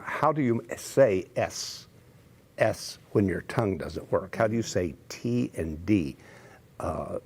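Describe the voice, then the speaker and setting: Low, husky older man telling stories. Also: darkish tone. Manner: careful, deliberate speech after a stroke. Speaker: guest. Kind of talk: storytelling in a TV interview.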